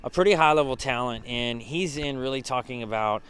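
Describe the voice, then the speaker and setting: A man's voice: medium pitch, a little fast, a bit bright, smooth. A man who leads a business mastermind group, giving a casual behind-the-scenes recap, with lots of fillers and restarts.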